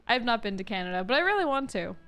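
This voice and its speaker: A woman with a Californian Valley Girl accent, chatting casually with her viewers while playing a game. She says "like" a lot, with upward inflection and a touch of vocal fry. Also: fairly high pitch, a bit bright. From California, USA. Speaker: gaming streamer. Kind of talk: casual let's-play chat with viewers.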